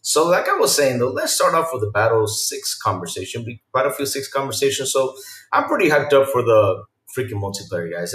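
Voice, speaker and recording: A man hosting a casual live-stream podcast, talking excitedly and loosely to his chat with lots of fillers. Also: medium pitch, echoey room.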